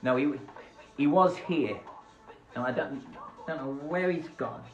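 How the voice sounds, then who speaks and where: A slightly high-voiced man talks a little slowly while hosting a playful, silly kids' show live from home by a window. He hops between voices and asides. His phone camera gives a roomy sound with the highs cut off, and soft music plays behind him.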